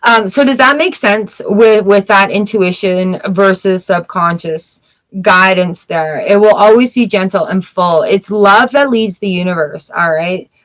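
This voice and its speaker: A woman's voice: medium pitch, unhurried, fairly bright tone, low-quality recording. A middle-aged woman hosting a live tarot and oracle card reading, talking in a chatty, reassuring way and answering viewers as she goes. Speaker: tarot reader.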